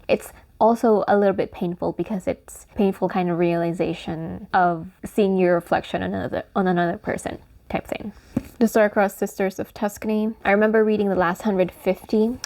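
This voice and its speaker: A woman's voice: medium pitch, a little mellow. A woman book vlogger chatting casually and emotionally about books, with frequent fillers and restarts.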